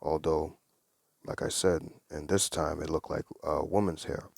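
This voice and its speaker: A man's voice: very deep voice, steady tone, measured pace, vocal fry, husky, no room sound, studio quality. A man giving a casual Bible study, reading verses aloud and explaining them in an earnest, conversational way. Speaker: Bible teacher.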